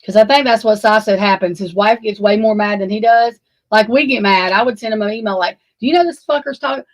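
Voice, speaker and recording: A woman's voice: mid-range voice, steady tone, fairly quick, no echo, poor audio. Flustered, swearing woman livestreaming. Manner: flustered, rambling, swears freely. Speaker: livestream host. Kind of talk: casual livestream chat.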